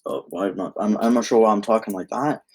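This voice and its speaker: A man's voice: lowish voice, fairly quick, slightly rough. Rambling young man telling a fan story. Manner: rambling, self-interrupting, casual. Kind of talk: improvised fan-fiction narration.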